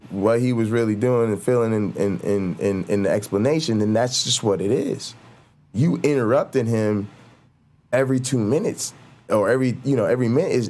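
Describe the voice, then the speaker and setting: A man's voice: fairly low pitch, darkish tone. A man hosting his own talk show, ranting in a heated, repetitive way, restarting sentences and acting out mock quotes. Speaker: show host.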